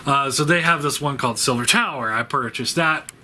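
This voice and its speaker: A man hosting a toy review channel, talking in a halting, rambling way with lots of fillers and restarts as he says goodbye. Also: mid-range voice, sharp tone, slight background noise. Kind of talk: rambling farewell vlog.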